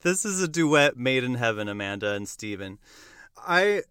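A man's voice: medium pitch, big pitch swings, moderate pace, sharp tone, clear, resonant tone. A man hosting a musical theater podcast, chatting casually and enthusiastically. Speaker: podcast host. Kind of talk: casual chat.

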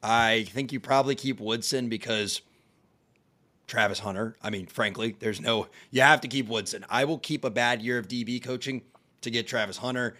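A man hosting a casual sports talk show, explaining plays step by step and getting animated when he is excited. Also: medium pitch, normal speed. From American South family. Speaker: podcast host. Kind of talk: casual sports analysis chat.

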